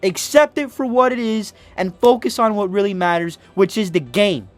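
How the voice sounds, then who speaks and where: A man's voice: high-pitched, normal speed, faint music behind. A young man hosting a sports podcast, delivering an impassioned, emotional rant to camera. He raises his voice, swears, and stumbles over restarts. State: emotional, near tears.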